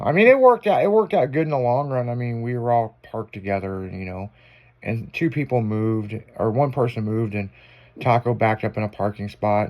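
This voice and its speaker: A man's voice: on the low side, darkish tone. A man hosting a casual afternoon radio show, telling a story with lots of swearing and acted-out quotes.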